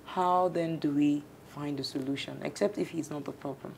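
An actress playing a counseling show host who calmly and steadily urges her guests to calm down. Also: low voice, normal speed, vocal fry, a little hiss or hum. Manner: calm, soothing, repeatedly pleads for calm. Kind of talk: scripted drama acting.

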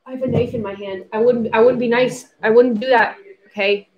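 A young woman with a fairly high voice chats casually through a livestream. She keeps a giggly, easygoing flow and slips into playful baby talk now and then. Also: fairly even intonation, brisk, slight background noise. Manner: chatty and giggly, baby-talking to her puppy. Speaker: livestream host.

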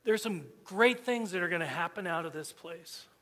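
A man's voice: high-pitched, normal speed. Earnest preacher man in a reverberant sanctuary. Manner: earnest, repeats himself, swings from hushed to loud. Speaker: pastor. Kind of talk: sermon. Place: church sanctuary. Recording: church sanctuary with long reverb.

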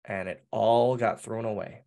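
A man in his thirties recounts an old backstage story in a casual interview. He rambles and restarts, piling on fillers with animated energy. His voice sits at an ordinary middle pitch. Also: a little slow. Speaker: interview guest, former wrestler.

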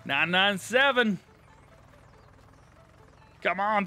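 A man with a drawl hosting a live game stream, chatting casually with viewers, laughing often and thanking them warmly. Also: high voice, very animated, takes it slowly, pauses often. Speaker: live-streaming gamer host. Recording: light game music behind.

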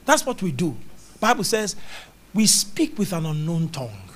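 A man preaching a charismatic sermon, animated, acting out little scenes with mimicked voices and sounds. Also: high-pitched, moderate pace. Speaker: prophet preaching.

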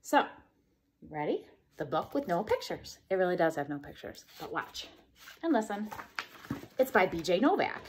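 A woman's voice: lowish voice, big pitch swings, moderate pace, slight background noise. A woman teacher reading a silly children's book aloud, playful and mock-exasperated, bursting into goofy sounds.

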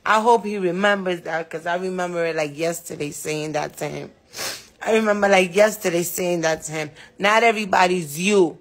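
A woman's voice: fairly low pitch, moderate pace. A woman being interviewed about her son, speaking with emotion, bluntly, and with plenty of swearing. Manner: blunt, outspoken, swears freely. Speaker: interviewee, mother of a rapper.

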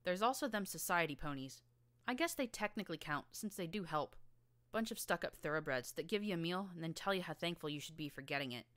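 A woman's voice: lowish voice, animated, brisk, fairly bright tone, no room sound. Woman doing a scrappy drawling filly. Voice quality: rough rural drawl. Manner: blunt, boastful, slangy. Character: tough streetwise young filly gang leader.

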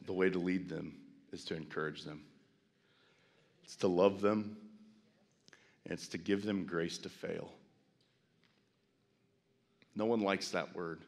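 A middle-aged man preaching a sermon as pastor, folksy with self-deprecating asides, building to loud, impassioned preaching. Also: deep voice, steady tone, takes it slowly, pauses often. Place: large church sanctuary. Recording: long church hall reverb.

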